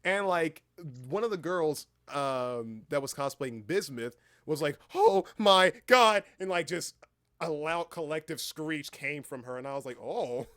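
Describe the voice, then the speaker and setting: A young man chatting on a casual livestream, telling an excitable story with halting restarts and the odd swear word. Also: a little high. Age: young adult. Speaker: streamer and voice actor.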